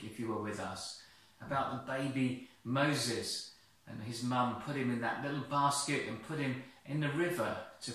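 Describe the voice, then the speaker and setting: A man telling a story in a church service, speaking gently and expressively from some distance in a very echoey church. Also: medium pitch. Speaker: church children's talk leader.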